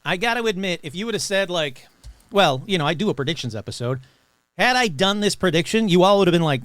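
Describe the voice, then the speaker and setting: Lively joking male podcast host. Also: a little high, no echo. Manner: reads news items aloud with joking asides. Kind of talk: casual news reading and commentary.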